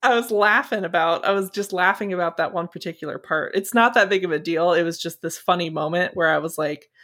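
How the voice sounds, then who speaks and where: A woman's voice: fairly low pitch, brisk, a bit bright. Chatty, laughing woman podcast co-host. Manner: chatty, laughing, sweary retelling. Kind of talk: casual movie chat.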